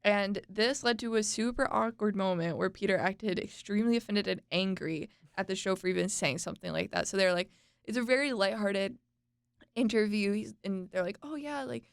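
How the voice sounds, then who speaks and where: Chatty young woman with a creaky voice. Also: medium pitch, moderate pace, no echo, clean studio sound. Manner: chatty, laughing, stumbles over names. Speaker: podcast co-host. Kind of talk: casual podcast chat.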